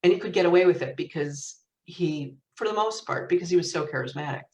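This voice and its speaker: Lively woman telling stories, roomy sound. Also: on the low side, brisk. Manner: lively anecdotal storyteller, laughs often. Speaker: author and guest. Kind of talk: storytelling in conversation. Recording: roomy echo, distant mic.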